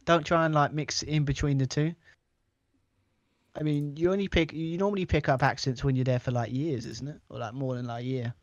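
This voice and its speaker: A man talks through a football management game in loose, rambling chat, stopping and restarting his thoughts as he goes. His voice sits at an ordinary pitch for a man. The recording is dry and slightly muffled, like a home desk mic. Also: fairly even intonation, fairly quick, no room sound. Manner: rambling, full of fillers and restarts. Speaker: co-host of a video game series. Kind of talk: casual gaming chat.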